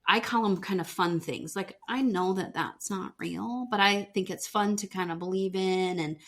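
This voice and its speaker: A woman's voice: medium pitch, normal speed. A woman co-hosting a podcast, recapping a TV show in casual chat, with lots of "um" and "you know". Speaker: podcast co-host.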